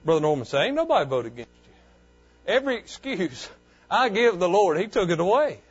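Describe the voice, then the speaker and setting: A man preaches to his congregation in a high voice. His delivery swells loud and fervent, then drops low and soft. The recording sounds dull and lo-fi. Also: sing-song, brisk, breathy edge, soft background music. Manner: fervent preaching that rises and falls. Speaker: pastor. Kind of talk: sermon.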